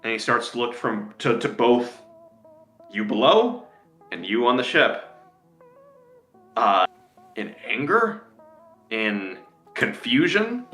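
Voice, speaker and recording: A man's voice: mid-range voice, big pitch swings, slow pace, long pauses, bright, forceful tone, roomy sound, faint music behind. A man narrating a tabletop game as game master, drawing out his descriptions.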